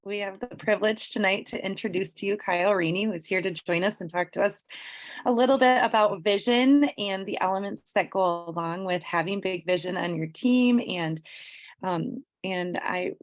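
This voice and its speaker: A woman hosting a team video call, introducing the guest in a friendly, halting way with fillers. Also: medium pitch.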